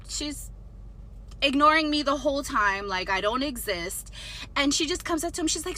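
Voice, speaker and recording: A young adult woman telling a storytime story in an animated, indignant way, swearing now and then. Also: high-pitched, normal speed. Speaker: storytime vlogger. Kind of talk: casual storytelling.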